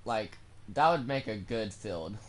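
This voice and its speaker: A man's voice: fairly low pitch, expressive, a little slow. A young man casually commenting while playing a farming game, goofy and given to swearing. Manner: goofy, swears, bursts into silly sung bits. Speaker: gamer. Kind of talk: casual let's-play commentary.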